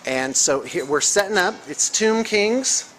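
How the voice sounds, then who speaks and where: Casual male host narrating a tabletop game on a handheld camera; a bit high-pitched, with store noise behind. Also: lively intonation, unhurried, fairly bright tone, rough recording. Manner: chatty, rambling, self-deprecating. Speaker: host filming a tabletop battle report. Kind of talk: casual running commentary. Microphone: handheld video camera. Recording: camera mic with clear background noise.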